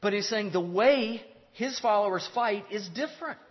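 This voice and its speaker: A man's voice: sits high, expressive. Man lecturing in a reverberant hall. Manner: measured, explaining with pauses and restarts. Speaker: teacher. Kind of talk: theology lecture. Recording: dull lo-fi sound with long hall reverb.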